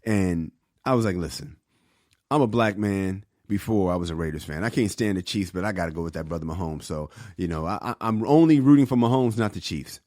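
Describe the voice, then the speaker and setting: A man co-hosting a podcast, telling stories in a casual, animated way and acting out the voices of the people in them. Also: low voice, a little fast, dry recording, studio quality. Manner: animated storyteller, acts out voices. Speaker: podcast co-host and comedian. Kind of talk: casual storytelling chat.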